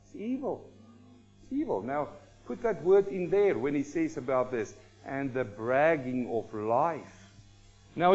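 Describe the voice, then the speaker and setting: Animated, higher-voiced male preacher. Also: highs cut off. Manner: animated, acts out everyday people in quick asides. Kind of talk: sermon. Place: church congregation hall.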